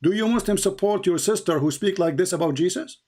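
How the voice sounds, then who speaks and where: Hosting a fiery live debate on a video call, this man has a high-sitting, slightly mellow voice and a brisk pace. His manner is combative, he repeats himself, and his grammar is broken and non-native.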